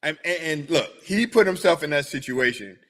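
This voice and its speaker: A young man hosting a sports podcast, chatting in a rambling, animated way and answering his listeners. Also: a little high, normal speed. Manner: rambling, animated, talks to chat viewers. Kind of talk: casual chat.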